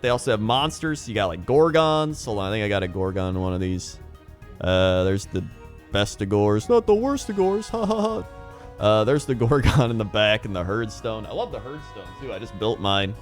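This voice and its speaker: A man's voice: on the low side, expressive, moderate pace, faint music behind. A young man talking casually and enthusiastically on his own, rambling with frequent chuckles and restarts. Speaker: hobby video host. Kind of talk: casual monologue.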